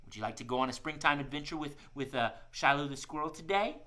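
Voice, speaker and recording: A man's voice: on the high side, fast talker, sharp tone. A man hosting a live children's music show, playful and coaxing, who often says "y'all" to his young audience. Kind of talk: live-streamed kids' show chat.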